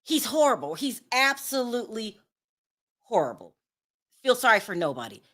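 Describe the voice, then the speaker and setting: A woman's voice: on the high side, very animated, normal speed, a bit bright. A woman hosting a celebrity gossip show in casual commentary, blunt, sassy and dismissive.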